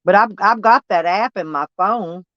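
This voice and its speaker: A woman's voice: mid-range voice, normal speed, fairly bright tone, dry recording. A Southern American woman rambles through a casual livestream, talking straight back to her chat by name. Her voice sits mid-range and comes through dull and lo-fi, with a dry sound close to the mic. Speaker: vlogger reading live chat.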